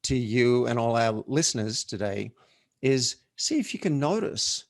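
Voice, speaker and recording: Measured, reflective male business coach. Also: mid-range voice, sing-song, dry recording, studio quality. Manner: deliberately slow, measured, inviting. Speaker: business coach, podcast guest. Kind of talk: reflective conversational advice.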